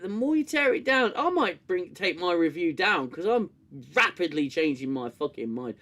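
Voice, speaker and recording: A man hosting a casual livestream review, sarcastic and animated, swearing freely. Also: high voice, moderate pace, few pauses. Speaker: show host reviewing an episode.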